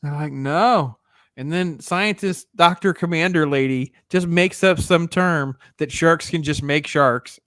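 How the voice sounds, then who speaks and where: A man's voice: a little high, unhurried, few pauses, a bit bright, clean tone, no echo, clean studio sound. Laughing man hosting a movie review. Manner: laughing, incredulous. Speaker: podcast host. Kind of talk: casual movie review chat.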